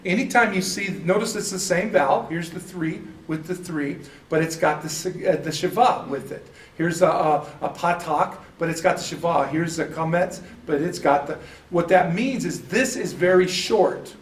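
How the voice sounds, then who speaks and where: Fairly high in pitch and speaking at normal speed, this man teaches a relaxed church Bible study class. He's talkative and pokes fun at himself, frequently laughing at his own expense. The sound is echoey, picked up by a distant microphone.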